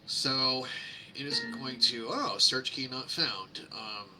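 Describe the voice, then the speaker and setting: A man's voice: mid-range voice, slow, bright, forceful tone, a little hiss or hum. A man reading complaints aloud on a live screen-share and mocking them with sarcastic asides, rambling with many fillers. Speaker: host reading public complaints. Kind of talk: casual screen-share commentary.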